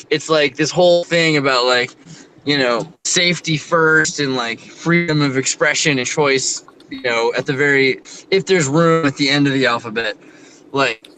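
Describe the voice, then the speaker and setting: A man's voice: mid-range voice, a bit bright, a little hiss or hum, rough recording. A man vlogging from inside a car, rambling and joking, peppered with fillers. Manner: rambling, peppered with "like", jokey asides. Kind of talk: rambling joking chat while driving.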